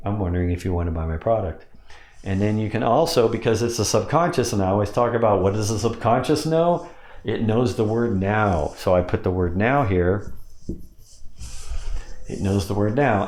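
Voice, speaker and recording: Low-voiced man teaching in an echoey room. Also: lively intonation, normal speed, a little mellow. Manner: explains step by step, demonstrates with pitch changes. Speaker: sales hypnosis coach. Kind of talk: instructional explanation.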